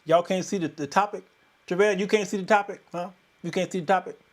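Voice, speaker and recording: A man hosting a live-streamed talk show in a folksy, animated manner, greeting viewers by name. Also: sits high, fast.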